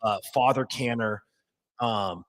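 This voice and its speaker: A man's voice: mid-range voice, slow, a bit bright, dry recording, low-quality recording. A male podcast host, so worked up he can barely talk, rambles and swears in a live after-game rant. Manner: hyped, profane, rambling. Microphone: headphones off, desk mic.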